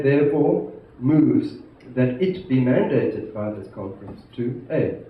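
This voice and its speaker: Man speaking in an echoey hall. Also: medium pitch. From South Africa. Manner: measured, emphatic, stresses key words. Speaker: institute president giving a conference address. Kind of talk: formal prepared speech to a conference. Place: large conference hall. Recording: echoey hall, distant mic, muffled, faint hiss.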